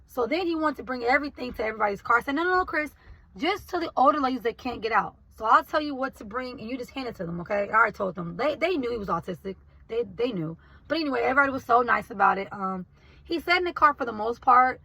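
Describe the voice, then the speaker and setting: Lady in her 30s vlogging, husky bright voice, talks right to the camera, chatty. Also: fairly high pitch, lively intonation, fast talker, no echo, rough recording. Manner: talks straight to viewers, emotional, says y'all. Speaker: vlogger and basket maker. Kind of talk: casual vlog recap.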